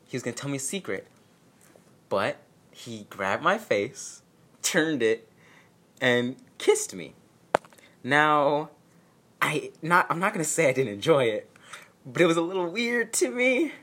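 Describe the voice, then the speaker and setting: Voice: medium pitch, sing-song, measured pace, pauses often, a bit bright, slight background noise. A speaker telling a personal story at home in a casual vlog, sarcastic and self-mocking. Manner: sarcastic, self-mocking, acts out quotes in exaggerated voices. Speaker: storyteller vlogger. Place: home, with a dog nearby.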